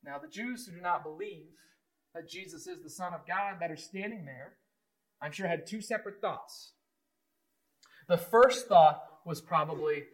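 A man retelling a Bible story in an emotive, conversational way, moving from hushed to excited. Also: fairly high pitch, moderate pace, poor audio.

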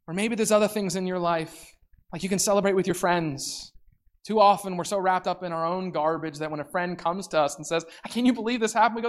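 Expressive preacher delivering a lively sermon. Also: medium pitch. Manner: expressive, swings from soft reflection to loud exclamations; reads scripture slowly and deliberately.

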